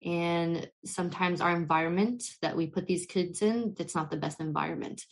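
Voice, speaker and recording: A woman's voice: lowish voice, moderate pace. A young woman speaking as a podcast guest, talking in a passionate, flowing and heartfelt way about faith and change. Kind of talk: heartfelt spiritual conversation.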